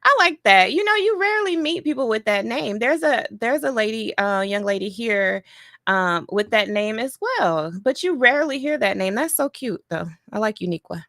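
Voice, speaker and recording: A woman's voice: a little high, lively intonation, normal speed, fairly bright tone, no room sound, studio quality. A woman commenting on a video clip for her viewers, chatty, explaining things in a teaching tone. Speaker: commentator reacting to clips. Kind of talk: reaction commentary.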